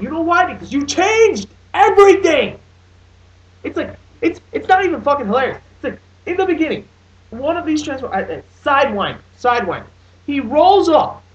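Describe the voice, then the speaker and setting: A young man in his late teens ranting in a casual movie review, swearing often and restarting his sentences. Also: very high-pitched. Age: young adult. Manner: profane, exasperated, rambling with many restarts. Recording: dull lo-fi sound, distant from mic.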